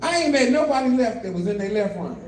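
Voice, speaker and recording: In a stand-up comedy set at an adult day center, an older man speaks quickly in an expressive voice that sits high and sounds a little mellow. He shares family stories, acting out the voices of kids and of himself for a live audience indoors. The mic is at a distance in a roomy room, catching crowd laughter.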